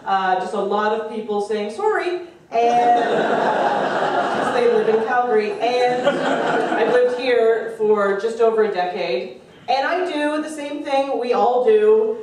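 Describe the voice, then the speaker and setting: A woman comedian arguing a comic debate on stage, sarcastic and animated, swearing and mocking people in put-on voices. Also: on the high side, measured pace, heavy background noise. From Canada. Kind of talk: stand-up comedy argument. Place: stage in a room with a live audience. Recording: echoey room recorded from a distance.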